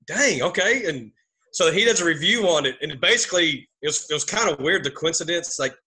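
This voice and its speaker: A man with a fairly high, bright, forceful voice rambles excitedly as host. He laughs often and tells stories at a quick tumble. Casual podcast chat. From Texas.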